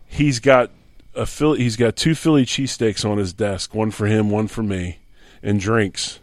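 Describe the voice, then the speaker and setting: A man's voice, sitting a little low, recorded dry with no room sound. He is a middle-aged guest from Philadelphia spinning an anecdote, acting out each line of dialogue. It is a casual, animated story. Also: moderate pace, no room sound. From Philadelphia, USA. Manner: animated storyteller who acts out quoted dialogue. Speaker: guest, former pro football lineman.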